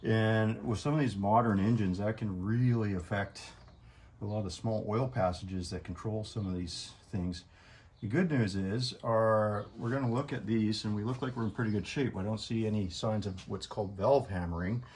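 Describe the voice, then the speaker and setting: A man's voice: lowish voice, normal speed, a little mellow. A man explaining an engine repair as he works in a garage, in an easy, joking way. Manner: explains while working, jokey. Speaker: mechanic host. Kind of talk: casual shop explanation. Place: auto garage.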